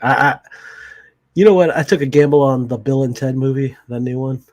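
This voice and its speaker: A man's voice: medium pitch, a little fast, darkish tone. A man co-hosting a casual podcast, chatting about a comedy movie and acting out its lines between laughs. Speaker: podcast co-host.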